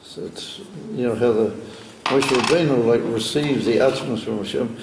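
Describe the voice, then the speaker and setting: A man's voice: medium pitch, moderate pace. A man, a rabbi, teaching a casual study class, explaining in a chatty way with many fillers and chuckles. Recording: echoey room with faint ambient noise.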